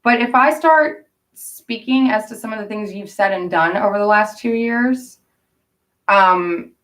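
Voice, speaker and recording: A woman's voice: mid-range voice, unhurried, a bit bright, distant mic. A woman vlogging in a rambling, indignant and emotional way. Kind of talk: casual rambling vlog monologue.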